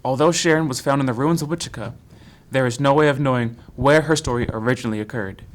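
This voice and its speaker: A man narrating as an interviewer in a measured, documentary-like tone. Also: mid-range voice, lightly acted. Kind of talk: audio drama narration.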